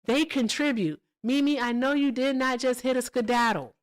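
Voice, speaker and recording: A woman's voice: sits high, fairly even intonation, moderate pace, clean tone. Woman running a live stream, emphatic and blunt, swears a lot, keeps saying all right? okay?. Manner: blunt and profane. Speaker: livestream host. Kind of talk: casual livestream chat and commentary.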